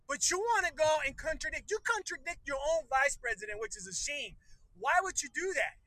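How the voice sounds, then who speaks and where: Man, 30s, from the US, casual rant, profane, exasperated, laughs a lot, very high voice, dry close sound. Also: expressive, fairly quick, pushed and bright, no echo, poor audio. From United States. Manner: profane, exasperated, laughs often mid-sentence. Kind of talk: casual ranting commentary.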